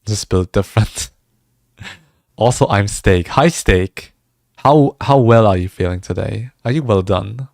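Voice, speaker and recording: A man's voice: lowish voice, unhurried, vocal fry, darkish tone, dry recording, clean studio sound. A man chatting casually with viewers during a livestream, laughing often and restarting his words as he goes. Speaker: music streamer.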